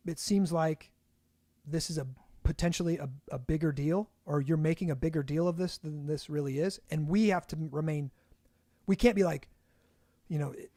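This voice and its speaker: A man's voice: on the high side, darkish tone, dry recording. A young man co-hosting a casual podcast, talking in a rambling way with many restarts and fillers. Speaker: podcast co-host.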